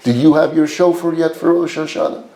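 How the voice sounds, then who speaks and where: A man's voice: a little high, fairly even intonation, a little fast, mellow, lightly acted. A man doing a naive eager young son. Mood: thoughtful. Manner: earnest and eager. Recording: roomy echo.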